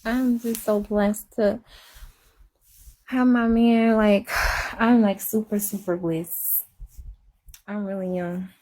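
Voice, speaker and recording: A young woman, chatting casually on a live stream, rambling and repeating herself, dipping to a hush and then rising into giggly high exclamations. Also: fairly even intonation, slow, pauses often. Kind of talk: casual confessional chat. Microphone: phone.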